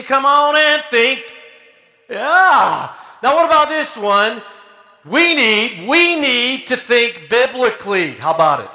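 An energetic man preaching in a church with a high, bright voice that often breaks into shouts. His delivery is animated and playful, and the room gives it a noticeable echo. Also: a little slow. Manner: energetic, shouting, animated storytelling with acted quotes. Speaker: pastor. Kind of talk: lively sermon. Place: church sanctuary.

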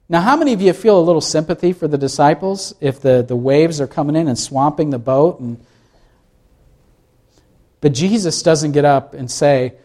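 A man's voice: fairly high pitch, normal speed, mellow. A man preaching a sermon, reading scripture and asking the congregation questions as he explains it. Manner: asks the congregation questions, reads scripture aloud. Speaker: pastor.

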